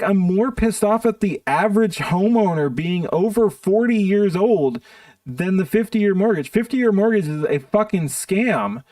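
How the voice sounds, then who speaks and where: A man's voice: sits high, a little mellow, no room sound, distant mic. A man streaming live, ranting in a profane, exasperated way while reacting to videos. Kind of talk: casual stream commentary.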